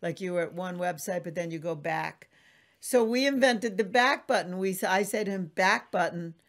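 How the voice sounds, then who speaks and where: A woman's voice: on the low side, moderate pace. A woman hosting a podcast in casual conversation, effusive and emphatic, acting out quotes in a raised voice. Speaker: podcast host.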